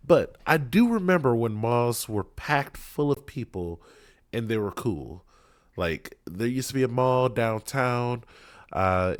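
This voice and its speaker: A man's voice: medium pitch, dry recording, studio quality. A man in his thirties hosting a reaction video, talking casually in a rambling, jokey way with lots of fillers. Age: 30s.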